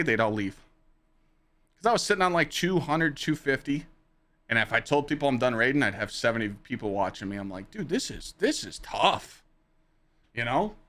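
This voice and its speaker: A man in the middle range of pitch hosts his own podcast and tells stories straight to his live chat. He talks casually and with plenty of swearing. His voice jumps up sharply whenever he gets excited about a memory. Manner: animated, profane, jumps to high excited pitch when reliving moments. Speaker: podcast host and streamer.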